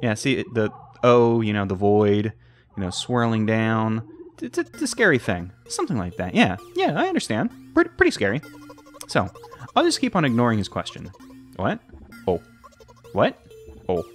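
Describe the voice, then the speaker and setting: A young man reading a text game aloud with playful commentary, jumping between squeaky high and low reading voices. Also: huge pitch swings, moderate pace, soft background music.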